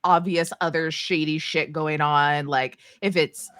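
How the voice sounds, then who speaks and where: Woman player on a game stream, slow talker, lots of ums and likes, giggles a lot. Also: low-pitched, fairly even intonation, a bit bright, clean tone. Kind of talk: playing a tabletop game on a livestream.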